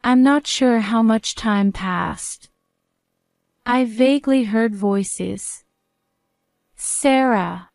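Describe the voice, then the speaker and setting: A woman narrating a first-person story in a calm, even reading voice. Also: fairly high pitch, takes it slowly, vocal fry, smooth, dry recording, studio quality.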